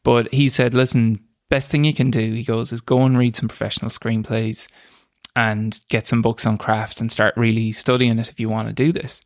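A man's voice: mid-range voice, little pitch movement, normal speed, no echo, studio quality. A young man, a screenwriter and podcast guest, telling self-deprecating stories in a casual chat and laughing as he goes. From Ireland. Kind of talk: casual storytelling interview.

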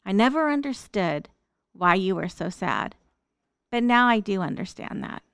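A woman's voice: medium pitch, expressive, moderate pace, vocal fry, fairly bright tone, clean tone, dry recording, studio quality. A middle-aged woman speaking a tender, reflective monologue, addressing her late mother directly as an open letter. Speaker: daughter writing an open letter. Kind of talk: heartfelt spoken monologue.

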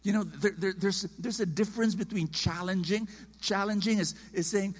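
Animated preacher in reverberant hall. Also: male voice, sits high, normal speed. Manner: animated, emphatic, acts out quotes. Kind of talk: sermon.

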